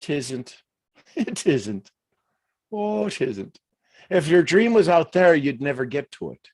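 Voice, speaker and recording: A man from the United States, hosting a motivational livestream and speaking in an animated, emphatic way with frequent chuckles. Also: on the high side, slow pace, no room sound. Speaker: host.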